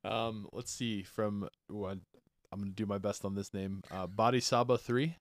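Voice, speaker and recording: A man's voice: lowish voice, steady tone, moderate pace, dry recording, studio quality. A man co-hosting a podcast, reading out listener questions and giving brief, agreeing replies. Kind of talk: casual podcast chat.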